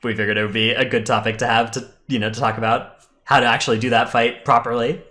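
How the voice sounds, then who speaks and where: A man's voice: medium pitch, level tone, fast talker, pushed and bright. Chatty man co-hosting a gaming podcast. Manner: chatty, many fillers and restarts. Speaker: podcast co-host. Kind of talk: casual gaming podcast chat.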